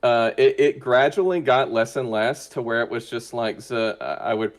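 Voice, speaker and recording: A man's voice: mid-range voice, normal speed. A man being interviewed as a guest in casual chat, talking hesitantly with many fillers and restarts. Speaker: interview guest, roleplay player.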